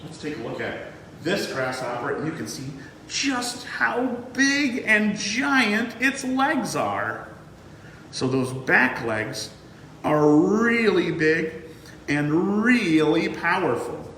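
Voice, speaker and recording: Lively man teaching small children. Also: fairly high pitch, slow pace, a little hiss or hum. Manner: lively, sing-song, talks to kids. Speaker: museum educator. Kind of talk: children's lesson. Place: museum room. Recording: echoey room, mic far off.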